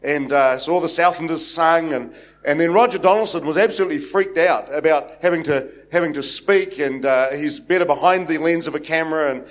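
A man's voice: fairly high pitch, fairly quick. A man from New Zealand with a New Zealand accent, preaching a sermon to a congregation in a rambling, anecdotal way full of fillers and restarts. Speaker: pastor. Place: church hall with congregation.

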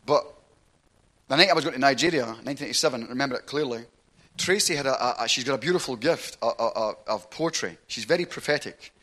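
A man with a Glaswegian Scottish accent, preaching a sermon through chatty, animated storytelling that keeps checking in with "right?". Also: mid-range voice, fast talker. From Glasgow, Scotland.

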